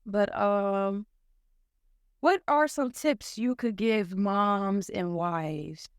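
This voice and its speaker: A woman's voice: mid-range voice, drawn-out words, smooth, dry recording, clean studio sound. A woman from Cincinnati hosting a casual podcast chat between moms, chatty and laughing often. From Cincinnati, Ohio. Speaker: podcast host.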